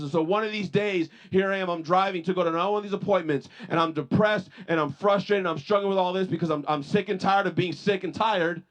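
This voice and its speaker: A man's voice: quick pace, hardly any pauses. A male pastor preaching a sermon, telling personal stories with many repeated restarts and rising emphasis on his points. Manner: rises in pitch and force on points of emphasis.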